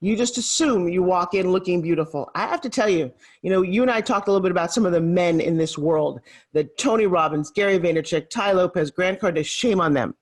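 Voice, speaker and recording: A woman in her fifties, a motivational speaker, telling stories in an animated, emphatic way as an interview guest. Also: on the low side, a little fast. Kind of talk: interview storytelling.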